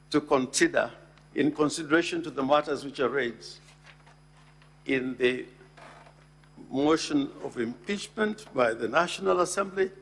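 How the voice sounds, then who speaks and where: A man, making a formal legal address to a Senate chamber and deliberately reading out and stressing constitutional text. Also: on the high side, a bit bright. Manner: deliberate, emphatic, reads legal text aloud.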